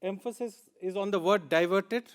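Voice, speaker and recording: A man's voice: high voice, moderate pace. A man with an Indian English accent giving a plenary conference talk, earnest and emphatic, repeating words for stress. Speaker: conference speaker.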